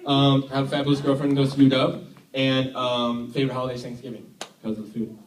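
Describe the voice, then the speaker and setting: A young man from Tennessee delivers a relaxed, chatty sermon, with jokes at his own expense. His voice sits at an ordinary middle pitch. The sound is roomy, picked up from some distance in a church hall. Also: fast, slight background noise. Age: young adult. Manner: joking, self-deprecating, chatty. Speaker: youth worship leader preaching. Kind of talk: casual sermon. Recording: echoey hall, mic from far off.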